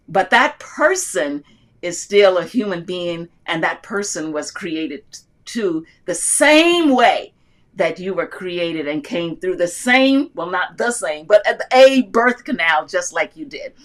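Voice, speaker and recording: A woman's voice: fairly low pitch, lively intonation, slow pace, a bit bright. An older woman hosts a casual live stream, speaking from the heart in a loose, rambling and uplifting way. She reads her viewers' comments aloud and answers them as she goes, talking from an airport. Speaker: livestream host answering loom knitting questions.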